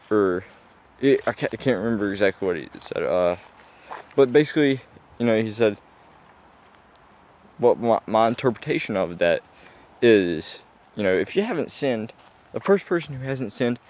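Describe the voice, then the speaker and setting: A man's voice: lowish voice, animated, brisk, darkish tone. A young man musing aloud in a casual vlog, rambling with many fillers and restarts. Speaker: vlogger. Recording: dull lo-fi sound.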